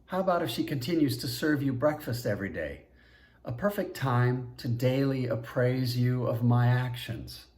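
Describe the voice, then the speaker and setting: A man voicing a calm, cheerful Jesus in an audiobook, speaking with a sing-song lilt and a light teasing touch. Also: medium pitch, moderate pace, natural voice.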